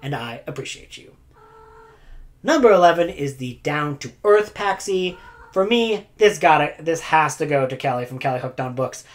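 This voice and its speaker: A woman's voice: low voice, animated, moderate pace. A woman booktuber chatting casually to camera, rambling with lots of "like" fillers and frequent laughs. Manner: laughs often between phrases. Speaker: booktuber giving community awards.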